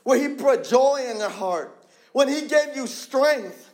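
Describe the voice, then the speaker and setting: High-voiced passionate young preacher man. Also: lively intonation, measured pace. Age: 20s. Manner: passionate, repetitive, drops low for emphasis. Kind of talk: sermon.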